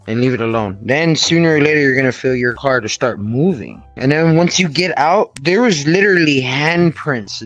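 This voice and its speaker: A man's voice: medium pitch, no room sound, dull audio. A man telling a story in a casual interview, emphatic, often checking in with his listener. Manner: emphatic, keeps checking in with "right?" and "okay".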